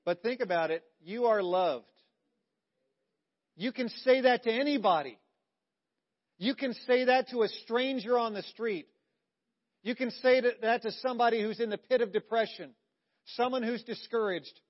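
A male pastor with a fairly high voice preaches with strong emphasis, pressing hard on key words and then falling almost to a hush. The recording is dull and lo-fi, with a muffled top end. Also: normal speed, pauses often. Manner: emphatic, swings from loud stresses to hushed, intimate lines. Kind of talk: sermon.

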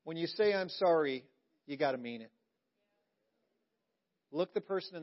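A male pastor with a fairly high voice preaches with strong emphasis, pressing hard on key words and then falling almost to a hush. The recording is dull and lo-fi, with a muffled top end. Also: animated, normal speed, long pauses. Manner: emphatic, swings from loud stresses to hushed, intimate lines. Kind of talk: sermon.

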